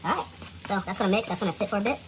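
A man's voice: high voice, rapid-fire, very noisy. A man hosting a casual cooking vlog in his home kitchen, joking and talking straight to viewers. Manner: jokey, laid-back, talks straight to viewers. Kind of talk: casual cooking demo chat.

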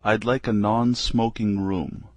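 A man slowly reading short practice phrases aloud for a language lesson, one at a time with pauses. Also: on the low side, fairly even intonation, darkish tone, dry recording.

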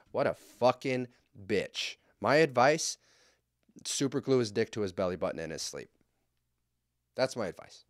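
A man's voice: mid-range voice, dry recording, clean studio sound. A young man co-hosting a casual podcast, reading out listener letters and ranting about them in a heated, sarcastic, heavily profane way. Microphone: studio podcast mic.

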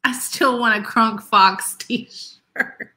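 A woman's voice: a little high, extremely slow, pushed and bright. A woman co-hosting a casual live stream, teasing her co-hosts and reading viewer comments aloud in a chatty way. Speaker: co-host of live resale show.

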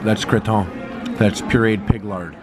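A man's voice: on the low side, fairly even intonation, a little slow, reverberant, over loud music, a loud crowd. A man vlogging in a loose, joking way, swearing casually as he chats to the camera. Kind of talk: casual vlog chat.

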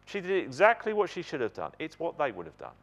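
A man preaching a sermon in a church, emphatic and animated, putting questions to the congregation. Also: on the high side, quick pace, creaky.

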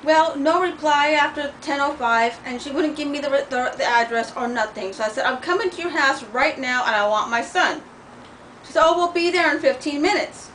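A woman's voice: high-pitched, moderate pace, a bit bright. A middle-aged woman ranting in a vlog, blunt and profane as she tells a heated story, sore and in pain. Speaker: vlogger. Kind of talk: venting vlog rant. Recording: distant mic with faint noise.

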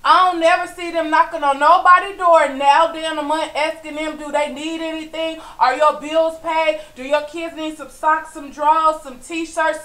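Woman vlogger, high voice, venting monologue in an echoey room. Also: moderate pace, hardly any pauses. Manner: frustrated, preachy, asks "you know what I'm saying?"; swings from low weary murmurs to loud emphatic outbursts. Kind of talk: impassioned personal vlog monologue.

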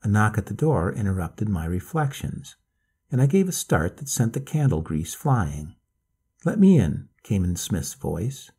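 Male audiobook narrator, low gravelly voice, lively intonation. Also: moderate pace. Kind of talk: scripted storybook narration.

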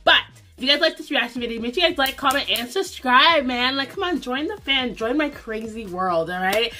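A woman's voice: high-pitched, lively intonation, a little fast. A young woman hosting a casual reaction vlog, bubbly and hyped up, filling her talk with "like". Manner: bubbly, hyped-up, lots of "like" and "get it". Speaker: reaction video host. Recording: music video playing loudly behind.

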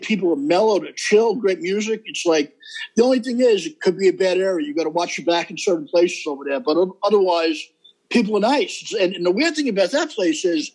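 A man's voice: high voice, a little mellow, slightly rough, low-quality recording. A middle-aged man, a comedian guest, talking emphatically and rambling in a casual interview, often seeking agreement.

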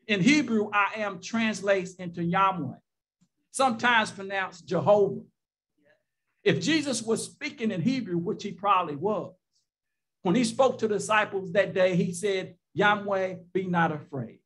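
High-voiced preacher with emphatic rhetoric. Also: male voice, normal speed, fairly bright tone. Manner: rhetorical questions and repeated phrases. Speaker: pastor. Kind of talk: sermon.

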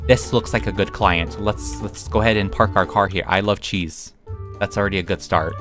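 Speaking at a moderate pace with fairly even intonation, this young man has a low, slightly bright voice over soft background music. He's a gaming YouTuber who keeps up chatty, playful commentary, talking to himself and giggling a lot as he plays.

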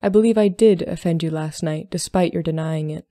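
A woman voicing a reserved, solemn young Regency gentleman who speaks plainly and politely. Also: low-pitched, fairly quick, no room sound, studio quality, natural voice. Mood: earnest.

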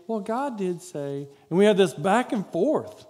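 A man's voice: sits high, expressive, moderate pace, hardly any pauses, darkish tone. A man giving a chatty children's sermon in a church, rambling and acting out quotes. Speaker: pastor. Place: church sanctuary.

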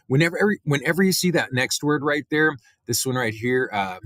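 A male teacher giving a relaxed biology lecture, talking through slides with many fillers and "right?" tags. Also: medium pitch, fairly quick, few pauses, dry recording. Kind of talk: recorded classroom lecture.

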